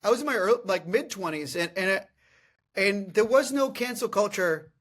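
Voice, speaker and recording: A man in his thirties hosting a podcast, telling comic stories in a casual, animated way and often laughing. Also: high-pitched, moderate pace. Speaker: podcast host. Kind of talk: casual comedic storytelling.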